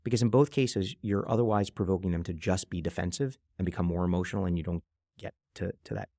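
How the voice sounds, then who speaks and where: Fast-talking gravelly man, animated storyteller. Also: low voice, no echo, studio quality. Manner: fast, animated storyteller who acts out quotes. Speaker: guest, venture investor. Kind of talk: conversational podcast interview.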